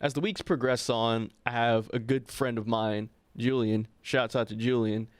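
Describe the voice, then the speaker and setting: A young man spins a casual story for his podcast co-host, animated and chatty, tossing in quick "right?" asides. His voice sits at an everyday middle pitch. The sound is close and dry, with no room around it. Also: no echo.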